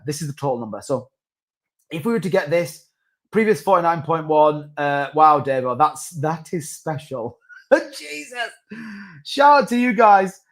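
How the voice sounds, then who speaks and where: A man hosting a crypto livestream, talking casually and rambling with restarts and asides. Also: on the high side. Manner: rambling, chatty, with many restarts and asides to chat. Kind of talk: casual live-stream market commentary.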